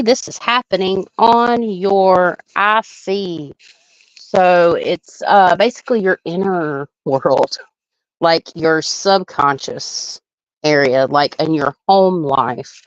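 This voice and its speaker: A woman's voice: lowish voice, slow pace, no room sound, lo-fi sound. A woman hosting a live astrology chart reading, talking in a loose, chatty way and laughing often.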